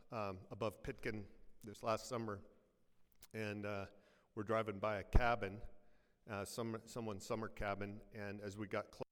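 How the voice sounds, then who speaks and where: A man with a slightly low voice preaches a sermon in a church sanctuary, pressing his listeners with rhetorical questions and light jokes. He sinks to a quiet hush on his heavier lines. A long reverb from the big hall trails every word. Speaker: pastor.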